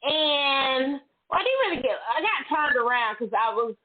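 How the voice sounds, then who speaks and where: A woman's voice: sits high, moderate pace. A middle-aged woman hosting a casual chat, candid and chatty, acting out her own stories. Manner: candid, chatty, animated self-quoting storyteller. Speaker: host. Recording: tinny phone-like audio.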